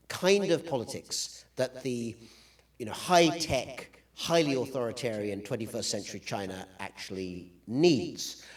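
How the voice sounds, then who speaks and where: Dry, wry male lecturer, distant mic. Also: medium pitch. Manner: dry, wry humor with frequent fillers. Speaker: guest lecturer. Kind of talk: public lecture with slides.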